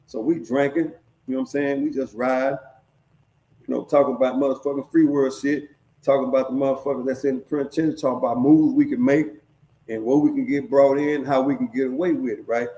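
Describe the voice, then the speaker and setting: A man's voice: mid-range voice, steady tone, a little fast, dark tone. A middle-aged man casually telling a story, streetwise and profane, often checking in with his listeners. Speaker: storyteller sharing prison stories. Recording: echoey room.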